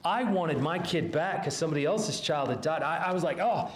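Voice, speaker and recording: A pastor delivering a sermon in an earnest, halting way, often restarting phrases. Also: male voice, a little high, animated, echoey room.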